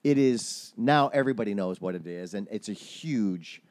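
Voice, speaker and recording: A man's voice: fairly low pitch, animated, moderate pace, darkish tone, dry recording. A man hosting a casual interview, asking loose questions full of stammered restarts. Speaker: podcast host.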